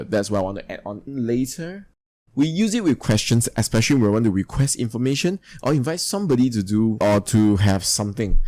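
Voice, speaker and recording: A man's voice: lowish voice, darkish tone, no echo. A man teaching a recorded lesson, explaining steadily and spelling out examples. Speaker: English teacher.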